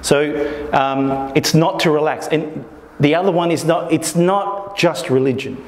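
In a meetup room with long, echoing reverb, a workshop presenter with a slightly high voice gives an informal mindfulness talk to a small group at a measured pace. He frequently checks in with the audience and voices inner thoughts aloud.

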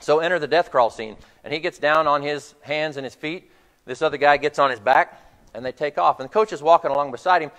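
A man's voice: fairly high pitch, brisk, a bit bright, in a large hall. A man preaching a sermon to his congregation, retelling a film scene as a story. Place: church hall.

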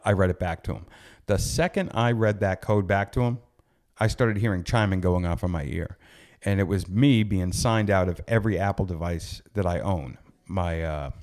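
Low-voiced man telling a podcast story. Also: a little mellow. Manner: conversational, with frequent fillers and self-corrections. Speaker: podcast host.

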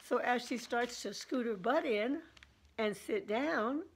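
A woman in her seventies with a husky voice, chatting and laughing as she tells stories to her vlog viewers. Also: on the high side, slow pace, a little hiss or hum. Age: 70s. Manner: chatty, laughs often while telling. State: throat trouble. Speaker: vlogger. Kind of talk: casual storytelling chat.

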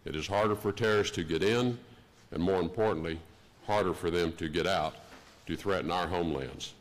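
Older male official with a Texan accent, low voice, slow formal conference keynote. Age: 60s. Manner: measured, deliberate delivery. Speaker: diplomat giving an opening address. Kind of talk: formal prepared speech. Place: conference hall.

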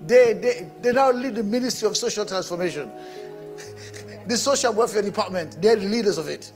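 A man preaching a sermon, animated and bursting into shouts. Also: sits high, moderate pace, music in the background. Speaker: pastor.

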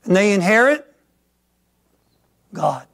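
A middle-aged man from Michigan preaching a sermon as pastor, swinging from quiet asides to loud emphatic peaks. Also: high voice, sing-song, slow, vocal fry. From Michigan, USA.

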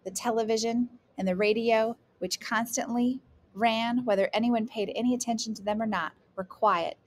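A woman narrating a chapter of a novel in an even, unhurried storytelling voice. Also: on the high side. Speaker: audiobook reader. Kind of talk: scripted narration.

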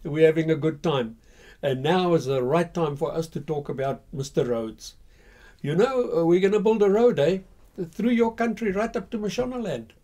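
A man's voice: on the high side, expressive, normal speed, dark tone. A man voicing a jovial, out-of-breath colonial doctor who talks in a coaxing, chummy way.

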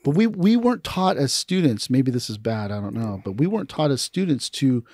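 A man's voice: medium pitch, fairly quick, no room sound, studio quality. A man who teaches aikido, telling stories in a casual podcast conversation and acting out the people he quotes. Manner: storytelling, animated when quoting others.

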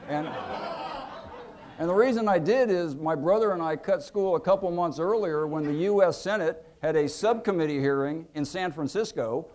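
A man in his fifties, an author telling anecdotes to an audience at a museum event, acting out quotes with lively pitch and volume. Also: moderate pace, a little hiss or hum. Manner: animated, acts out quotes with lively shifts in pitch and loudness. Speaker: author giving a book talk.

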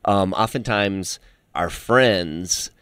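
A man who hosts the podcast and is a pastor, speaking in an easygoing casual way, filling pauses with "you know". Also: sits low, a bit bright, clear, resonant tone, dry recording. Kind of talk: casual conversation.

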